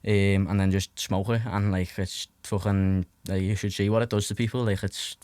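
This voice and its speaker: A young man in his twenties from Liverpool, England, speaking with a Scouse accent, rambles through anecdotes as a podcast guest, full of "like" fillers and swearing. His voice is lowish and darkish, with little pitch movement and a moderate pace, and there is no room sound.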